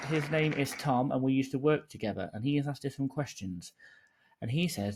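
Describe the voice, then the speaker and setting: A man's voice: mid-range voice, brisk, some chatter behind. A man co-hosting a podcast in casual chat, jokey and sweary as he tells stories. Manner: animated, jokey, sweary storytelling. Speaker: podcast co-host.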